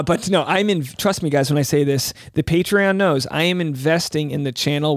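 A man hosting a commentary podcast, talking in an animated, sarcastic way with rambling asides. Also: on the high side, no echo, clean studio sound. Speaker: podcast host.

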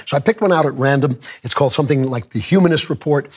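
A man hosting his commentary show with a hoarse, worn voice from a cold, talking conversationally with chuckles and joking asides. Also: medium pitch, quick pace. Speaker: podcast host. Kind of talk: opinion commentary monologue.

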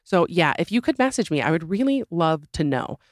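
A woman podcast host with a sore throat reads listener stories and wanders into joking, self-deprecating tangents. Her voice sits low for a woman and is recorded close and dry. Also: very animated, fairly quick, no room sound. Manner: chatty, rambling asides and self-deprecating jokes. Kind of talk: casual podcast chat and story reading.

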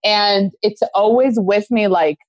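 A woman hosting a casual podcast, rambling from one thought to the next and swearing freely. Her voice is mid-pitched. It sounds dry and a little muffled. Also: slow, no room sound. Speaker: podcast host.

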